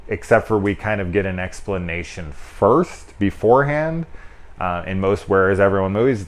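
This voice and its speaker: A man with a deep, low voice talks through a movie in a loose, unscripted review. He rambles and restarts, peppers his talk with "like," and swears casually as he goes. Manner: rambling, loose and candid with frequent swearing and filler "like". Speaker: film reviewer. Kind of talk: casual spoken film review.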